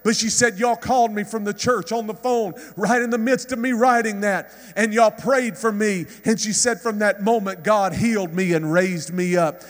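A man preaches in a church, his voice pitched unusually high for a man. His delivery is impassioned and storytelling, and long reverb from the hall trails after each line. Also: steady tone, normal speed, few pauses. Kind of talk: sermon.

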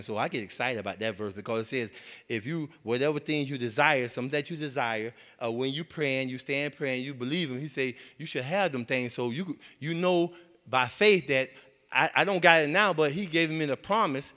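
A man's voice: medium pitch, fairly quick, sharp tone. A man preaching a sermon in a folksy, repetitive way, with many amens and restarts. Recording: long hall reverb.

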